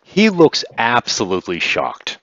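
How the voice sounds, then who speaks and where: A man narrating as game master of a tabletop role-playing game, telling the story in an animated way. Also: medium pitch, a little slow, dull audio, slight background noise.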